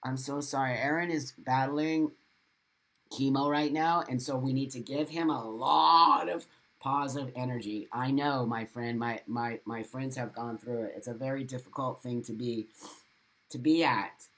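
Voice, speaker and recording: Reading viewers' comments aloud on his live stream, this middle-aged man answers with blunt, motivating advice, repeating himself a lot and swearing now and then. His medium-pitched voice is steady, fairly bright, and measured in pace.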